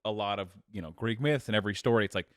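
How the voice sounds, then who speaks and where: A man's voice: on the low side, racing, dry recording, clean studio sound. A man chatting casually as a comedian on a podcast, rambling and restarting his sentences. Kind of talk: casual chat.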